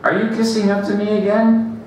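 A man's voice: medium pitch, animated, normal speed, a little hiss or hum, close to an everyday voice. A man reading aloud and voicing a cheerful, fatherly cafe owner with a friendly, joking way of talking. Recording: very echoey room, distant mic.

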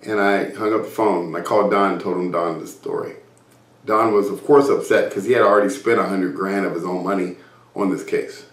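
A man's voice: low-pitched, fairly even intonation, a little fast. A man speaking as a motivational business speaker. He tells a personal story and acts out remembered conversations, with frequent restarts. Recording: roomy, distant mic.

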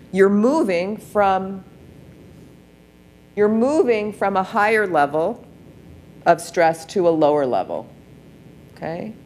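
A woman leads a wellness workshop, guiding listeners through practices and posing frequent rhetorical questions. Her voice is mid-range, with slight background noise.

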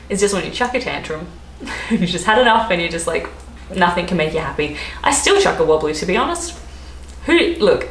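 A fairly bright tone colors this Australian woman's lowish voice as she chats through slang explanations in a giggly, rambling vlog. The recording carries a roomy echo and some faint background noise.

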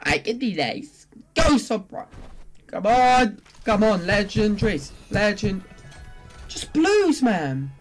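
A gaming video creator reacting while opening loot boxes. They swing between glum muttering, pleading with the game, and excited shouting. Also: medium pitch, slow pace, soft background music.

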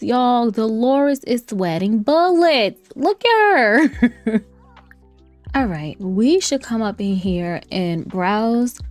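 A woman's voice: mid-range voice, darkish tone, dry recording. Chatty woman laughing through game commentary. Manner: chatty and playful, laughs often, talks to viewers as "y'all". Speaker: gameplay streamer. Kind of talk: casual let's-play commentary. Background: faint lo-fi music.

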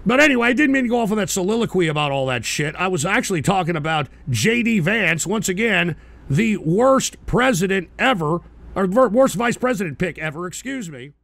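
High, gravelly, ranting male talk host. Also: expressive, fairly quick. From United States. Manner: profane, abrasive, yelling at chat. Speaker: radio show host. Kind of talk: ranting live-stream talk show.

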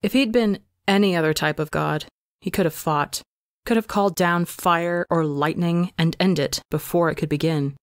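A woman narrating a fan story aloud for a podcast in a measured, dramatic storytelling manner. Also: lowish voice, no echo, studio quality. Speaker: podcast reader.

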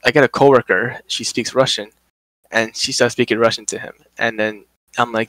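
A young man hosting a podcast, telling a work story in casual, animated chat, swearing a lot and acting out quotes. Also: mid-range voice, moderate pace, dry recording, poor audio.

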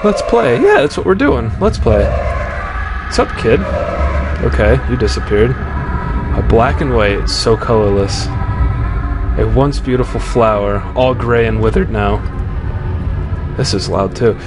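A man's voice: mid-range voice, animated, a little slow, long pauses. A man commentating on a horror game, jumpy and swearing often as he reads the game's text aloud. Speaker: let's play commentator. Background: game music.

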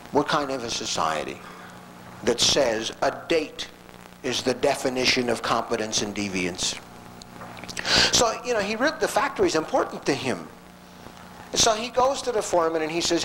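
A man giving a lecture as a story, animated and conversational, acting out the people in it. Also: on the high side, moderate pace, slight background noise, rough recording. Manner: animated, conversational, acts out quotes.

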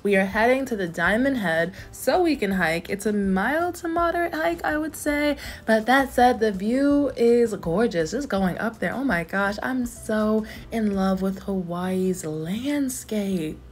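A woman's voice: medium pitch, expressive, measured pace, few pauses, soft background music. A woman vlogging on a hiking trail, chatty and enthusiastic, with slangy asides and at times out of breath. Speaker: travel vlogger. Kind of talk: casual vlog narration and on-the-go talk.

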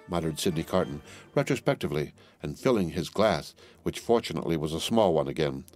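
A man narrating a classic novel as an audiobook, in a measured storytelling manner. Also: extremely low pitch, lively intonation, a little mellow, soft background music.

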